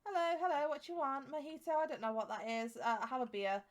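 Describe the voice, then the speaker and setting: A vampire barman in a life-sim game, put on by a woman. He serves drinks in short, offhand lines, his voice pitched a touch high. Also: steady tone, fairly quick, lightly acted.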